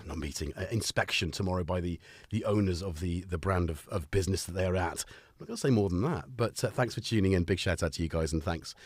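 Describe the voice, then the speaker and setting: A man's voice: on the low side, dry recording, studio quality. A man hosting a casual live stream, chatting and joking with viewers and greeting them by name.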